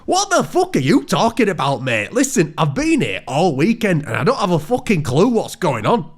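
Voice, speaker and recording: A man voicing a brash, dim young prince who swears loudly in a high-pitched voice. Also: wildly swooping pitch, normal speed, slightly rough, full character voice. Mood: exasperated.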